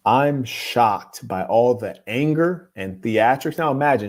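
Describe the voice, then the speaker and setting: A man hosting an advice show, reading viewer letters aloud and giving blunt, moralizing opinions in a calm, lecturing way. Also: medium pitch, unhurried, few pauses. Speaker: host.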